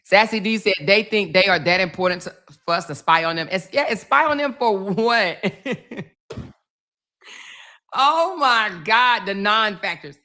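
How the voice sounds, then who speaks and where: A woman talks loosely to her livestream audience, bright and clear in tone. She is sassy and chatty, laughing often and calling everyone baby and y'all. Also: mid-range voice, moderate pace. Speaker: livestream host. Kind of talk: casual live chat, reading comments.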